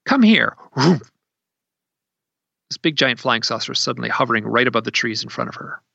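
A man telling a story in a conversational way, animated and acting out what people said, recorded at his desk. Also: mid-range voice, racing, gravelly, no echo, lo-fi sound. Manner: animated, acts out quoted speech in a raised voice.

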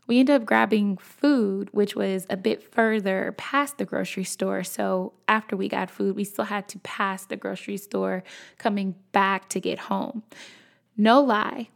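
A woman's voice: mid-range voice, fairly even intonation, a little slow, vocal fry. A young woman telling a personal story in a chatty, casual way, talking straight to her viewers. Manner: chatty, addresses viewers as y'all. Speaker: storyteller vlogger.

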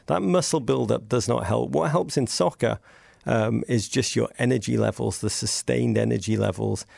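A man talks as a podcast guest, spinning wry, meandering anecdotes with sarcastic asides. His voice sits mid-range and is thick with gravelly fry. The sound is close and dry. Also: medium pitch, moderate pace, a little mellow, dry recording. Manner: witty, digressive storytelling with sarcastic asides. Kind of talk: casual podcast conversation.

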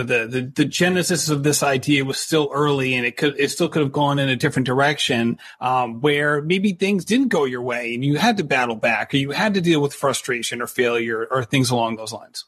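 A man hosting a podcast, chatty, often pausing to search for his words. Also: medium pitch, a bit bright, dry recording. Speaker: podcast host. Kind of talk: casual interview questions and ad reads.

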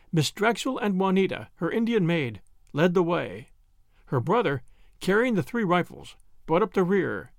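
Gravelly, animated male audiobook narrator. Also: high-pitched, dry recording, clean studio sound. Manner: animated reading.

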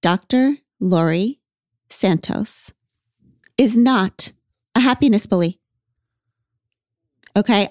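A woman's voice: a little high, no room sound, studio quality. A woman hosting a podcast in casual chat, wry and emphatic, laughing often. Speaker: podcast host.

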